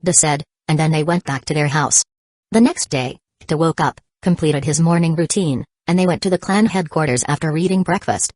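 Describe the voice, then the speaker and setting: A woman narrating an audiobook in an even, unhurried reading. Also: deep voice, dry recording. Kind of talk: scripted narration.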